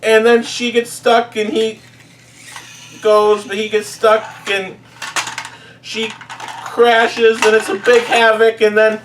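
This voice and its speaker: A man's voice: high voice, monotone, slow, pauses often, fairly bright tone, distant mic, slight background noise. A man giving a comedic, rambling recap of a movie plot in a playful way.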